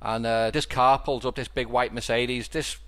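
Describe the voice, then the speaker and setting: A man's voice: medium pitch, fairly even intonation, normal speed, fairly bright tone. A middle-aged man with a Liverpool accent, hosting a podcast and telling stories in a rambling, casual way with many restarts. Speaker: podcast host. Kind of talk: casual chat.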